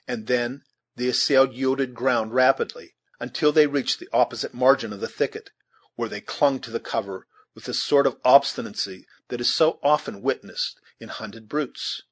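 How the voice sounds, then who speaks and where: Husky guy reading an audiobook, steady and measured. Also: mid-range voice. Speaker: audiobook narrator. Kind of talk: audiobook narration.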